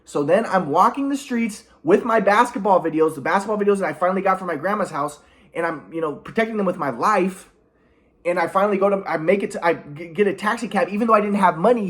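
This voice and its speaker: A man telling a long personal story in a rambling monologue, halting often with restarts and repeated words and clearing his throat. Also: high voice, a bit bright. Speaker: vlogger.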